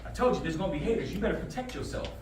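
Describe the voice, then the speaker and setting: Animated man speaking to a class. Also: fairly high pitch, rapid-fire, distant mic, slight background noise. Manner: animated, calls for answers, storytelling. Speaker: motivational speaker. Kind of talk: motivational talk to high school students. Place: school classroom. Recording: roomy classroom, off-mic.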